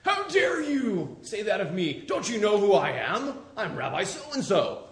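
A man voicing a pompous, indignant male rabbi who is proud and quick to take offence. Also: high voice, sing-song, fairly bright tone, pitched above the performer's own voice, full character voice. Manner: haughty, outraged. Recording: roomy echo.

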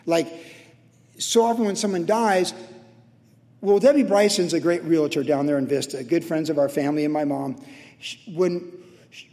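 A man in his sixties preaching a sermon in a conversational way, acting out quotes with sudden shouts. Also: a little high, fairly even intonation, moderate pace, pauses often, long reverb tail. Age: 60s. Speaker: pastor.

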